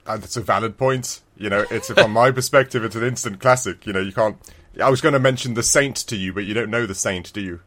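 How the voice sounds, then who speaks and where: A man's voice: lowish voice, quick pace, a bit bright. Laughing man chatting about retro games. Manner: rambling, laughs often, frequent restarts. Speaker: podcast co-host. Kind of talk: casual chat about a retro video game.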